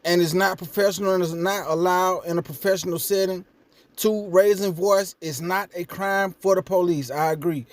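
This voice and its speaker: Vlog host, young man, high pitch, casual and blunt, gets loud when worked up. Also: steady tone, moderate pace. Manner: blunt, profane, rising when indignant. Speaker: commentary vlogger. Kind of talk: casual reaction commentary.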